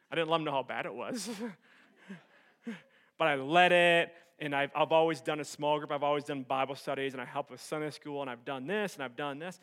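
A young man preaching a sermon as pastor, telling a personal story with animated swings from loud excitement to soft earnest tones. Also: a little high.

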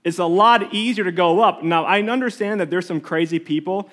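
A man with a high, light voice leads a prayer and then preaches to his congregation. He talks loosely and conversationally, often restarting his sentences as he tells stories. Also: brisk, a bit bright. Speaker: pastor. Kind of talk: sermon with prayer. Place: church sanctuary.

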